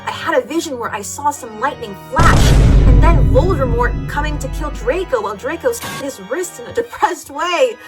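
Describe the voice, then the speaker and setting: A woman's voice: high-pitched, moderate pace, hardly any pauses, loud music behind the voice. Woman giving a mocking fanfic reading. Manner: deadpan over-the-top, laughing at text. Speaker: reader. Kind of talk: comedic dramatic reading of a fanfic.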